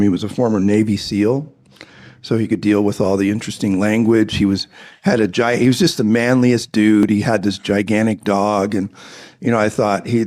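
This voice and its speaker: A middle-aged man telling a personal testimony in an earnest storytelling way, dropping to hushed tones at emotional moments. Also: on the low side. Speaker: speaker giving a personal testimony.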